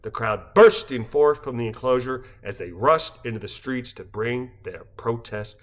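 A man giving a satirical dramatic reading as narrator, in the style of a fiery speech, with sudden shouted peaks. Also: medium pitch, normal speed. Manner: impassioned oratorical delivery with shouted peaks.

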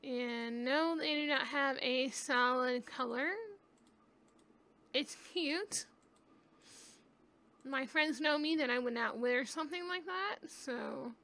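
A woman talks through a game in a casual, rambling way, thinking aloud as she goes. Her voice sits high and sounds bright and clear. She takes her time, speaking at an unhurried pace into a webcam mic at home. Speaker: gaming YouTuber. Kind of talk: casual gameplay commentary.

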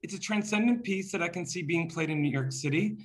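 A man's voice: high voice, fairly quick, slight background noise. A man hosting an interview over a video call, effusive and full of praise for his guest. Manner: effusive, praising, talks up the platform. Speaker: interview host.

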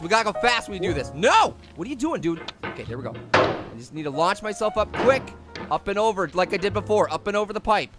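A man voicing a nerdy, easily frustrated talking pear in a comedic cartoon gaming skit, exasperated and yelling whenever he loses. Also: sits high. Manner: exasperated, yelling when losing.

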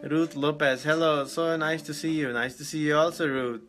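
A man's voice: on the high side, fairly even intonation, moderate pace, fairly bright tone. A man hosting a casual live stream, greeting viewers by name and laughing easily.

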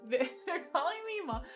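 A woman game streamer chatting casually with her viewers, upbeat and giggly, rattling off names from the chat. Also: high-pitched.

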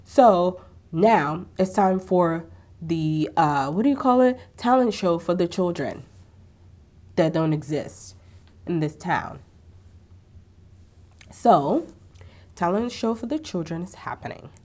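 A woman's voice: lowish voice, takes it slowly, pauses often. Chatty young woman recapping a show. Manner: animated, sassy asides and acted-out quotes. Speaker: TV recap vlogger. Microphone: ring-lit camera setup at home.

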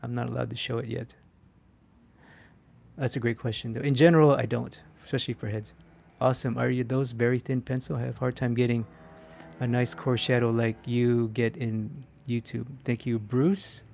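Man, art instructor on a live stream; chatty, animated, self-mocking, filler-heavy. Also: mid-range voice, normal speed, vocal fry. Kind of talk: live-stream drawing demo, answering chat.

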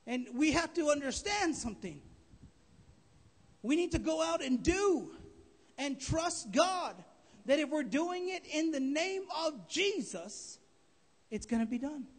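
A man preaching a sermon as pastor, emphatic and rising to shouts. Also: very high voice, animated, measured pace, long pauses. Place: church sanctuary. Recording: live stream in a reverberant church hall.

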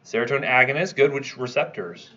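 A man's voice: mid-range voice, expressive, quick pace, bright, forceful tone, highs cut off. A man teaching a pharmacology review class, quizzing students and checking in with "right?" as he goes. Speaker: pharmacology instructor. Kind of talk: review lecture.

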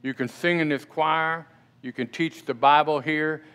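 A man's voice: on the high side, steady tone, measured pace, a bit bright, clean tone. A middle-aged male pastor preaching a sermon in a church, talking conversationally and often asking the congregation questions. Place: church sanctuary.

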